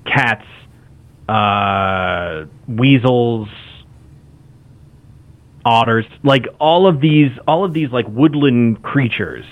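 A man's voice: mid-range voice, very slow, long pauses. A man in casual chat, talking enthusiastically and rambling with frequent restarts. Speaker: podcast guest. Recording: phone-like lo-fi audio.

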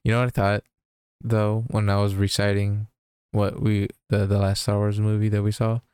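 A man's voice: on the low side, completely flat delivery, moderate pace, a little mellow, clean tone, dry recording, clean studio sound. A man co-hosting a casual podcast, rambling goofily and giggling through restarts. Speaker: podcast co-host.

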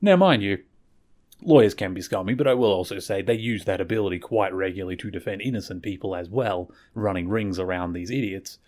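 A man's voice: low voice, fairly quick, darkish tone. A man hosting a podcast, recapping a television episode in a rambling, conversational way and correcting himself as he goes. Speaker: podcast host.

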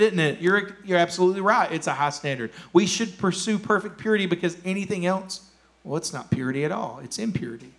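A man preaching a sermon as pastor, emphatic and repeating his key phrases. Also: a little high. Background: worship music.

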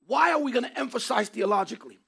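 Man, preacher, very high voice, husky, emphatic sermon, repeats phrases and shouts. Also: animated, fast.

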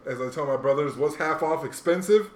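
A man co-hosting a casual podcast chat, slangy and animated, often acting out quotes in lively voices. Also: fairly high pitch, a little fast. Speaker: podcast co-host.

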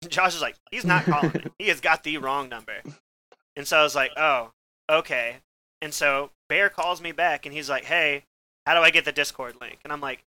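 Bright-voiced young man telling rowdy stories. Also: a little high. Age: young adult. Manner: animated, swearing, acts out stories. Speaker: podcast co-host. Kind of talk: casual comedy banter.

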